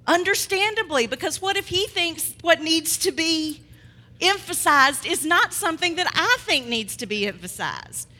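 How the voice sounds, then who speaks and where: A woman preacher delivering a sermon, swinging between loud proclamation and quiet asides. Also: very high-pitched, animated, moderate pace. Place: church hall. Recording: long hall reverb.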